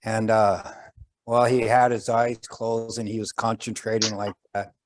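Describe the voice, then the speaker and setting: Older male storyteller, unhurried, gentle, pauses and fillers, folk tale delivery. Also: on the low side, little pitch movement. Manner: slow, gentle, pausing with fillers, voices characters. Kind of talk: traditional oral storytelling.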